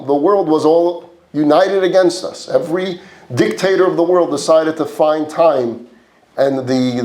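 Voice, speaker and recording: A man's voice: mid-range voice, a little mellow. A man with a New York accent, teaching a class as a rabbi. He asks the room rhetorical questions, answers them himself, and builds his points through repeated lists. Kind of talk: lecture to a live class.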